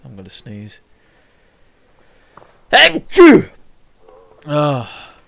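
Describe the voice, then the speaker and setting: A man's voice: on the low side, fairly even intonation, measured pace. A young man chatting casually while streaming a video game, rambling and reading game text aloud. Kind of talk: casual live gameplay commentary.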